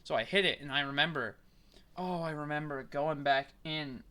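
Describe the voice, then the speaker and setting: A young man with a bright, ringing voice that sits a little high, chatting casually on a podcast. He tells long, rambling stories, swears freely and laughs often. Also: moderate pace. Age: young adult. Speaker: podcast host. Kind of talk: casual chat.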